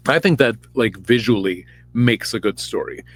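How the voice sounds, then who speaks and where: A man's voice: mid-range voice, moderate pace. A podcast host, a man, retelling a Bible story in a rambling, irreverent, campy way.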